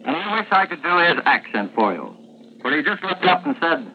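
A man filing a vivid wartime radio report from the front, told in a measured storytelling way. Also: on the high side, sing-song. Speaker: war correspondent. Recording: tinny, hissy 1940s radio archive.

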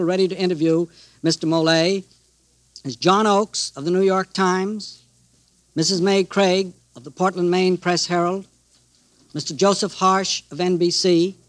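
A man with a fairly high voice hosts a formal broadcast interview. He introduces the panel and puts questions in a crisp, precise manner, recorded close and dry with no room sound. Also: no room sound. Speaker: moderator.

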